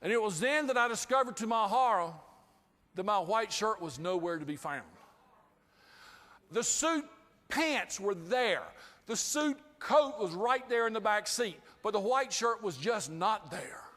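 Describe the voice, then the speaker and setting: A man with a high voice tells a lively, humorous story to a live group. He is giving a customer service training talk. His voice rings out with a long reverb, as in a large hall. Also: a little slow.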